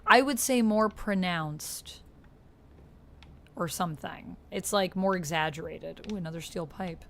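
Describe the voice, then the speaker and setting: A woman's voice: lowish voice, a little slow, gravelly, fairly bright tone, slight background noise. Woman, Canadian accent, young adult, live-stream gamer, casual chat, filler words. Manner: chatty, reads chat aloud, frequent fillers.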